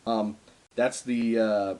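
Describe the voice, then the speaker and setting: A young adult man with a fairly low, darkish voice gives a casual spoken darbuka lesson at home, taking it slowly with a flat delivery. He uses lots of ums and uhs, and darbuka drumming fills the gaps between his phrases.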